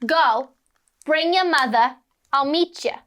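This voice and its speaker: A woman voicing an older female talent agent with a gravelly smoker's rasp, curt and no-nonsense. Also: high-pitched, slow pace, bright, forceful tone, pitched above the performer's own voice, heavily acted. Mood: brusque. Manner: curt, no-nonsense, clipped questions.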